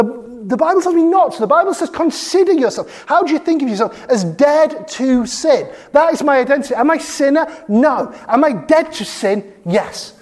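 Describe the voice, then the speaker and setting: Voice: medium pitch, darkish tone. A preacher delivering a sermon, reading scripture aloud and putting questions to the congregation with emphatic repetition. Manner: emphatic, asks the congregation questions, repeats "okay?"; reads scripture verses aloud, slowing for emphasis.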